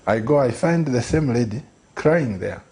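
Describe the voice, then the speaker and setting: A middle-aged man, a pastor, telling a story in earnest on a talk show, slow and pleading, repeating phrases for emphasis. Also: mid-range voice, animated, darkish tone.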